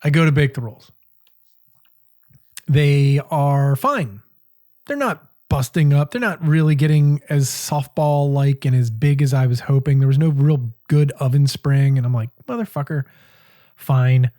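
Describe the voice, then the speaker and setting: A man telling a story in casual podcast chat, swearing constantly. He jumps into his own past words with lively, exaggerated delivery, like a co-host riffing with a friend. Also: fairly high pitch, measured pace. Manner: profane, animated storytelling, quoting himself. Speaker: cooking school podcast co-host.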